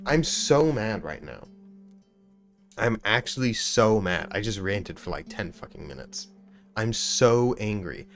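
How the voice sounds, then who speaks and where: Guy youtuber ranting mad about a game, swearing a lot, swinging loud then quiet, faint guitar behind. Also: lowish voice, expressive, a little slow. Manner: swears, repeats himself, swings from loud outbursts to quiet apology. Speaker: gaming YouTuber. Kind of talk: angry game review rant.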